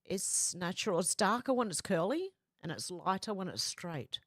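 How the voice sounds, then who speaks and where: A woman's voice: fairly low pitch, moderate pace, no echo, studio quality. A woman hosting a live stream, reading viewers' comments aloud and chatting back to them casually. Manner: chatty, reads comments in a flat running voice with asides.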